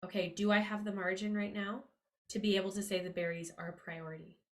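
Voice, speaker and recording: An upbeat woman talks straight to her listeners in a motivational podcast monologue, at an ordinary, middle-of-the-road pitch for a woman. She is earnest and confiding, and her voice jumps up with emphasis whenever she drives a point home. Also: little pitch movement, quick pace. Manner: upbeat and emphatic, rising pitch on key words. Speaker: podcast host. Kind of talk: motivational money-mindset monologue.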